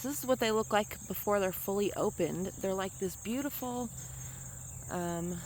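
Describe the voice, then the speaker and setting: A woman's voice: mid-range voice, moderate pace, slight background noise. A woman chatting casually as she walks a camera around her outdoor garden, rambling and correcting herself as she goes. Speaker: vlogger touring her garden. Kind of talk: casual garden tour chat.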